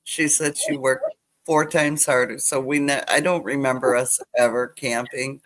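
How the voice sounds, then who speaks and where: An older woman telling childhood stories in a casual chat, animated as she retells them. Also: a bass voice, normal speed. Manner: animated retelling with acted quotes. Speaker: guest.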